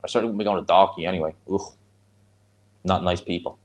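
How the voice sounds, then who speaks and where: Man, Dublin Irish accent, lowish voice, casual live fight chat, blunt and rambling. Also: steady tone, fast. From Ireland. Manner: chatty, blunt, answers chat between fight reactions. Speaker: streamer hosting a live watch-along.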